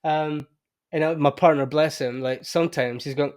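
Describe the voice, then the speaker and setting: A man with a slightly high voice hosts a podcast. He talks candidly and reflectively, and he gets animated when he tells his own stories. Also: moderate pace, clear, resonant tone. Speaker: podcast host. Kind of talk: casual conversation.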